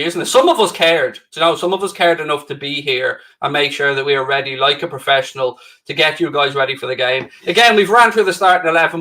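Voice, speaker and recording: Here a middle-aged Irishman, co-host of a football watchalong, trades casual live-stream chat with viewers, needling them with sarcastic teasing. He speaks in a sharp tone, with a voice on the high side.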